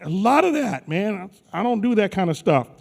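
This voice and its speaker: Hosting a conference in a large hall, a man playfully teases the crowd in slangy banter on stage. He has a high-pitched, gravelly voice with big pitch swings at normal speed, and the live room carries long reverb.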